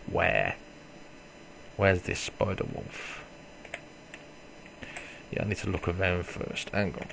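This gamer's deep, creaky voice is very animated yet slow, with frequent pauses, as he gives casual let's play commentary. He swears, mocks himself, and follows loud outbursts with mutters. Slight background noise is present.

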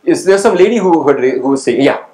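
A man speaks as a guest lecturer, calling on students and testing them with questions. His voice sits a little high for a man. The sound carries the echo of a lecture hall. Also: animated, fast, warm tone. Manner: engaging, quizzes the audience and calls on people; asks "right?" to check understanding.

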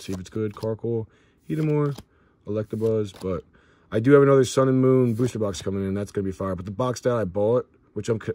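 A young man hosting a card-opening video, casually listing cards as he goes and stumbling over some names. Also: medium pitch. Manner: excitable, shouts and whoops at big pulls. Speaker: pack-opening channel host.

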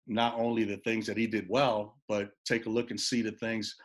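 A middle-aged man, a college basketball assistant coach, telling a recruiting story with animated back-and-forth, often repeating words as he goes. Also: fairly low pitch, normal speed. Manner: animated storyteller, repeats words, acts out both sides of phone calls.

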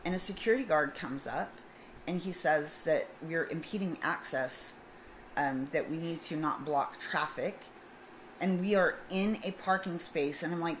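Middle-aged woman, lowish voice, casual vlog storyteller who plays out both sides of a dialogue; faint background hiss. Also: normal speed, poor audio. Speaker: vlogger.

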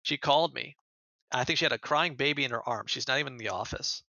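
A man's voice: mid-range voice, quick pace, vocal fry, pushed and bright, dry recording, rough recording. An American man who is a podcast guest, earnestly retelling events in a casual interview and often repeating words as he goes. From United States.

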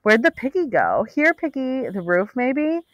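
Lady reader putting on snotty high-pitched party kids, singsong teasing, dry close sound. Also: huge pitch swings, measured pace, no room sound, dull audio, full character voice. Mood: taunting. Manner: mocking, singsong taunting. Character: jeering crowd of young partygoers, mixed.

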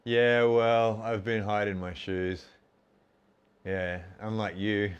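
A man's voice: on the low side, flat delivery, slow, clear, resonant tone, dull audio. An Australian man in his forties chatting casually and self-mockingly to his viewers while doing push-ups, counting reps between jokes. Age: 40s. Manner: chatty, self-mocking, keeps calling the audience folks. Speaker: fitness streamer. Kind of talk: casual chat while working out.

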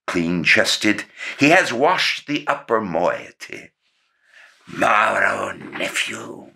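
A man actor giving a slow, theatrical and expressive reading of literary prose. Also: deep voice.

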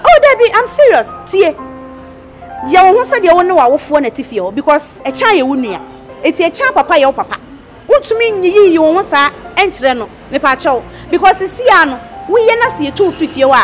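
A scolding Ghanaian woman speaks in a high voice that swings widely up and down. Clear background music plays under her words. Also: big pitch swings, normal speed. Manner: scolding, reproachful. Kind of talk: Ghanaian film acting.

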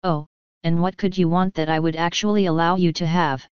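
A woman's voice: on the low side, fairly even intonation, fairly quick, darkish tone, clean tone, no echo, close to an everyday voice. A woman reading the lines of a menacing male guard dog boss, plainly and evenly, in a dull lo-fi recording.

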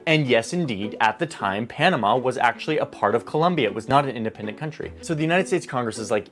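A man narrating a history explainer video in a playful, animated style and acting out lines for the people he talks about. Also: medium pitch, fast talker, hardly any pauses.

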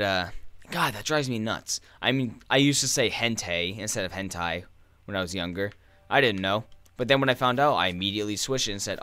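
A young gaming streamer chats casually during gameplay in a lowish, pushed, bright voice. He rambles, rants, and swears a lot.

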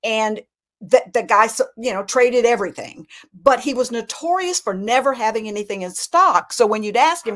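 A middle-aged woman from Alabama, telling family stories as a guest in a casual chat, animated, with lots of restarts. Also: fairly high pitch, normal speed.

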